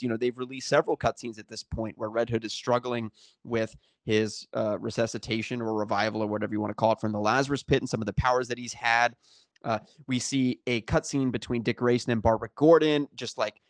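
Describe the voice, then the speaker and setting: A man's voice: mid-range voice, no echo. Guy rambling on a podcast, restarts a lot, kinda sarcastic, dry close sound. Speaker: podcast co-host. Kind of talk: casual discussion.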